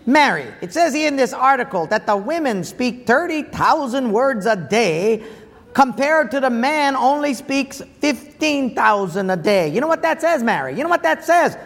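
A preacher doing an insistent local husband. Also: male voice, very high-pitched, big pitch swings, normal speed, creaky, a bit bright, heavily acted. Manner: insistent, repeating himself for emphasis. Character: excitable local Portuguese husband. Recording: long hall reverb.

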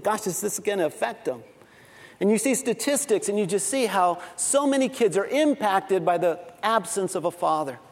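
A man's voice: high-pitched, in a large hall. A middle-aged man preaching a sermon, telling family stories with a laughing, self-deprecating manner. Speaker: pastor.

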